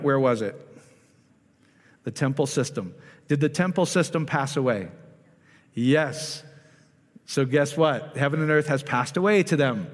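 A man's voice: medium pitch, in a large hall. A man giving an informal, conversational sermon, often asking the audience questions and stressing his points with emphasis. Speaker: pastor.

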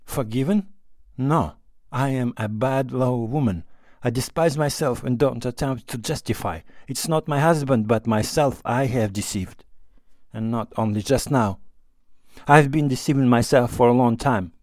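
A man voicing an unhappy young wife who pours out her guilt, pleading and self-reproaching. The voice sits in an ordinary middle pitch, recorded dry and close for a storybook reading. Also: a little slow, darkish tone, dry recording, natural voice. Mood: remorseful. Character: young unhappy married woman, remorseful.

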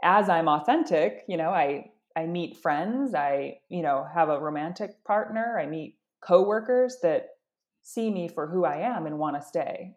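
A woman's voice: fairly low pitch, a little mellow. A middle-aged woman sharing personal experience in an earnest, self-reflective way, often restarting her sentences. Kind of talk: candid conversational sharing.

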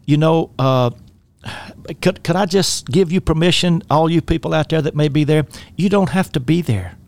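Folksy and rambling, a Southern-drawling life coach hosts a faith-based radio talk show, his speech laden with fillers and restarts. He talks at a moderate pace in a fairly high, slightly mellow voice.

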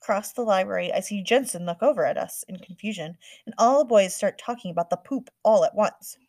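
A woman narrating a first-person audiobook in a quick, earnest storytelling manner. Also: medium pitch, a little mellow, dry recording.

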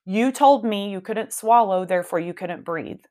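Animated woman telling a story. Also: mid-range voice, normal speed. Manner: animated, emphatic, laughs while telling. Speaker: podcast host. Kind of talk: casual storytelling.

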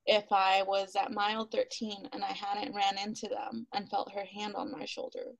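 A woman's voice: mid-range voice, moderate pace, vocal fry, dull audio, crowd noise. A woman, a guest on an interview podcast, telling her story casually with frequent laughs and acted-out quotes. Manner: animated, laughs often, acts out quotes, many "like" fillers.

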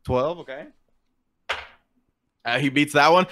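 A man running a tabletop game as game master, narrating with animated energy. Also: on the high side, a little fast.

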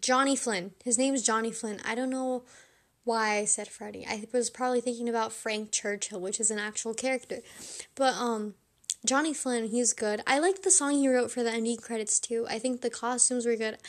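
A woman's voice: on the high side, steady tone, moderate pace. A young woman rating movies in a chatty, blunt, self-mocking monologue.

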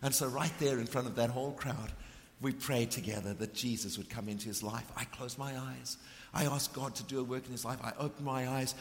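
Preacher guy, middle-aged, fervent, loud then hushed, big reverby church hall. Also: medium pitch, fairly even intonation, a little fast. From South Africa. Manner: passionate, swings from ringing emphasis to hushed intensity. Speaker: visiting preacher. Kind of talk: sermon with storytelling. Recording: long reverb of a large hall.

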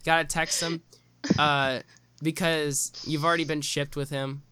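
Young male podcast host, rambling teasing banter, sharp bright tone, dry close sound. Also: on the high side, flat delivery, unhurried, smooth, no echo. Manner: playful teasing, rambling with restarts. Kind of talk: casual podcast chat.

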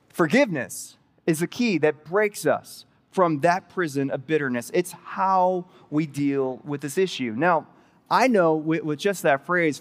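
A man with a high, bright-pitched voice preaches a sermon, retelling a parable in a loose, conversational way that jumps up into excited asides. His voice carries a long reverb, as if from a church auditorium. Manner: conversational, animated storytelling with rising excited asides. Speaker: pastor. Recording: reverberant hall.

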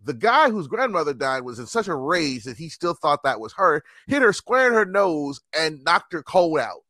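A man telling stories in a casual chat, animated and acting out the people he quotes. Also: fairly high pitch, moderate pace, no room sound, clean studio sound. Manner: animated storyteller, acts out quoted voices.

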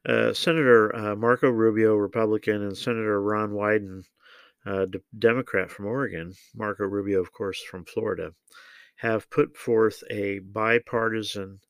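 A man giving opinionated solo political commentary, measured and deliberate, with frequent ums and uhs. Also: lowish voice, fairly even intonation, clean tone, no room sound.

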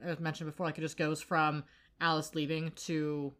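A woman's voice: low voice, little pitch movement, normal speed, a bit bright. A woman co-hosting a podcast, casually recapping a TV episode, full of fillers and acting out the characters' lines. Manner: chatty, acts out quoted lines, lots of fillers. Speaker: podcast co-host.

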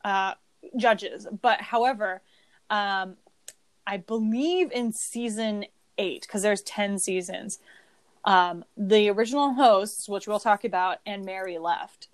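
A young woman co-hosting a podcast, chatting in a wry, casual way and reading passages aloud quickly. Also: mid-range voice, dry recording. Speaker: podcast co-host. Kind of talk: casual chat.

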